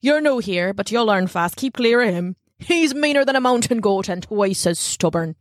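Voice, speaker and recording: A stout, bearded country constable who talks in an easygoing folksy way and teases a kid, as a woman reads him aloud. The read is dry and close. The pitch sits in her middle range. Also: lively intonation, moderate pace, no echo, natural voice. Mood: friendly. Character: stout bearded village constable, jovial and teasing.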